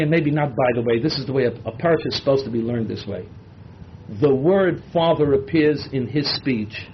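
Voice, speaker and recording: A man's voice: medium pitch, slight background noise. Impassioned male Torah teacher, lo-fi. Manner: impassioned, dramatizing the text; mixes Hebrew and Yiddish words into English. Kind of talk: Bible class lecture. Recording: dull lo-fi lecture recording.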